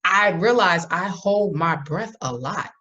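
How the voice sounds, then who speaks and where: A woman co-hosting a podcast in casual chat, animated and jokey, laughing often. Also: on the low side, slow, dull audio. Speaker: podcast co-host.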